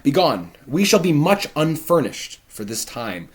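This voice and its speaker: A man reading the part of an excitable, blustering older nobleman father in a loud, emphatic, raised voice. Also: fairly high pitch, a little slow, pitched above the performer's own voice. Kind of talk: dramatic reading of verse.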